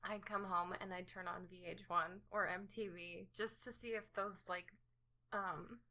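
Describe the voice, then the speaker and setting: A woman's voice: fairly low pitch, fairly even intonation, measured pace, pushed and bright. A woman in her twenties co-hosting a podcast in casual chat, giggling often and telling stories with animation. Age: 20s. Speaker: podcast co-host.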